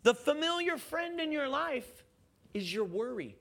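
A man preaching a sermon in an animated way, questioning his listeners and chuckling as he goes. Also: very high-pitched, unhurried, creaky. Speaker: pastor.

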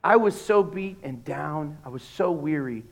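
A middle-aged man preaching a sermon as a pastor, telling humorous stories and acting out conversations in a lowered voice. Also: unhurried, gravelly. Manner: animated, humorous storytelling that acts out dialogues in a lowered voice.

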